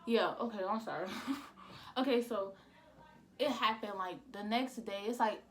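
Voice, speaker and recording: A woman's voice: mid-range voice, moderate pace. A young woman vlogger telling a casual storytime. She rambles, repeats "I'm like" and uses a lot of slang.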